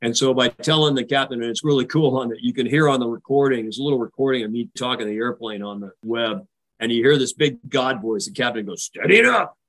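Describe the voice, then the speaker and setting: An older American man, a retired naval officer, recounts a tense carrier landing in a vivid, animated way during a podcast interview. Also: medium pitch, fast talker, rough recording. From United States. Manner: vivid, animated retelling, acting out radio calls. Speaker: guest.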